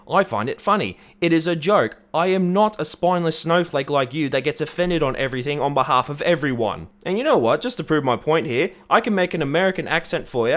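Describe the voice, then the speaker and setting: A man with an Australian accent delivers opinionated commentary in a blunt, sweary rant. His voice is smooth and clear, sitting at an everyday middle pitch. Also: a bit bright. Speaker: commentary YouTuber.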